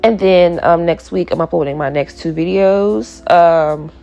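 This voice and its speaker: Playful woman in her twenties with gravelly voice. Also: fairly low pitch, a little slow, mellow, lo-fi sound, faint music behind. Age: 20s. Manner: chatty and playful, riffing and laughing. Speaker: podcast host. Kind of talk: casual solo podcast chat.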